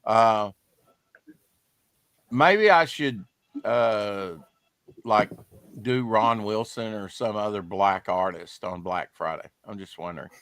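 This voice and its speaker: A man's voice: fairly low pitch, takes it slowly, long pauses, a bit bright, smooth, no echo. A man hosting a casual podcast about comics, chatty and rambling, reading promos aloud. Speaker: podcast host.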